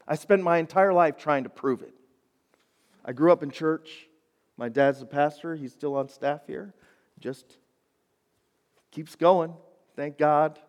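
A man preaching to high schoolers, casual and folksy, building to emphatic points. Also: measured pace, long pauses. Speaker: youth pastor. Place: church sanctuary. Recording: long hall reverb.

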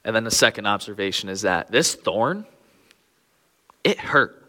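A man's voice: on the low side, lively intonation, fairly quick, pushed and bright, in a large hall. A young man preaching a sermon in an earnest way, his voice rising when he pleads.

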